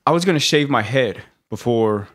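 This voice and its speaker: A man's voice: mid-range voice, expressive, moderate pace. A man telling stories in a casual podcast chat, laughing often and swearing casually as he recounts events. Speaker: podcast co-host.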